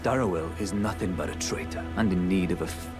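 A man's voice: deep voice, fast, lightly acted. An actor playing a blunt, stern half-wolf male knight in a video game, speaking curtly. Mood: grim. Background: game music.

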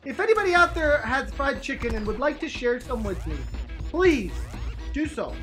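A man with a high, bouncy voice that swings wildly up and down, commenting on a video game in loud, frantic bursts. Clear game music plays under him the whole time. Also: very animated, normal speed. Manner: loud shouted reactions, frantic and exclamatory. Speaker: let's play gamer. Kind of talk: excited gameplay commentary.

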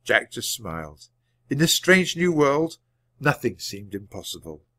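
A man reading a children's book aloud at a clear, measured pace. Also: mid-range voice, sing-song, fairly bright tone, no echo. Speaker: storybook reader.

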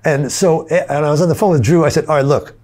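An older male guitarist, a guest in a casual interview, tells studio stories animatedly, laughing along and acting out other people's lines. His voice is a little high and he talks fast.

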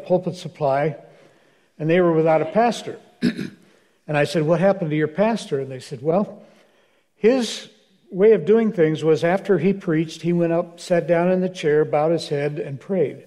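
A man's voice: on the high side, dark tone. An older man, a minister, telling wry anecdotes at a church question-and-answer session, acting out the dialogue. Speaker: guest speaker, minister. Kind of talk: storytelling in a church Q&A. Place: church hall.

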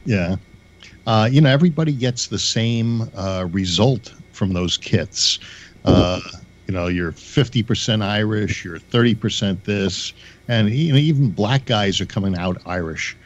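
A male caller airs his opinions in a fairly low voice with a wry, chuckling edge. His voice comes through a dull, lo-fi phone line. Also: measured pace. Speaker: radio caller. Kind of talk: phone-in chat.

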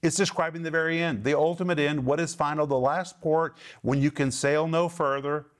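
A man's voice: a little high, steady tone, moderate pace. A middle-aged man hosting a televised Bible teaching program, speaking in an earnest, emphatic way and stressing each word of a list.

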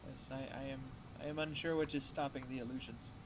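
A man running an online tabletop game as game master, reading rules aloud haltingly and laughing often. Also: medium pitch, fairly even intonation, noisy background.

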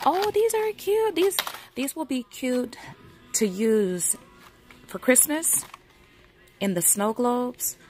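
A woman's voice: lowish voice, a little mellow. A middle-aged woman vlogging from a store aisle, chatting casually and reading product labels aloud to herself. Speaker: craft vlogger browsing a store. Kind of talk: casual shopping walkthrough. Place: indoor retail store aisle.

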